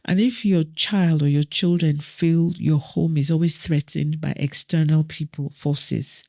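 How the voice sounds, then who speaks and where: A woman's voice: sits low, fairly even intonation, measured pace, creaky, mellow. A woman guest on a podcast, a councillor and mother, telling personal stories in an earnest, reflective way. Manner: earnest, reflective, acts out family dialogue. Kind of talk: personal storytelling in conversation.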